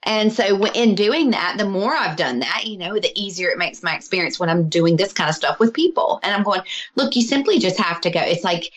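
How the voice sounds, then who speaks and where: A woman's voice: mid-range voice, animated, a little fast. A middle-aged woman, a healer and author, chatting casually as a guest, laughing often and acting out her own quotes. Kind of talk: casual podcast conversation.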